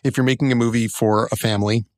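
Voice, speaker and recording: A middle-aged man talks in loose, joking podcast chat, his pitch sitting in an ordinary middle range. He is recorded close on a dry studio mic. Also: steady tone, darkish tone, no echo. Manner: wry, joking, speeds up and slows down. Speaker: podcast co-host. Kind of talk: casual chat.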